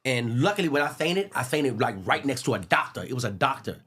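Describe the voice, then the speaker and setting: Lively man telling a comic story. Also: medium pitch, brisk, breathy edge. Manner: lively, acts out other people's lines. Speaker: guest storyteller.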